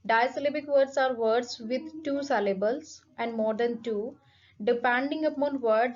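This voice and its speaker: Woman, teacher, phonetics lecture, repeats words, fairly high voice, dull lo-fi sound. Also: a little mellow. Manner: slow, repeating each example word, mixing in Hindi. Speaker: English teacher. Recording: dull lo-fi recording.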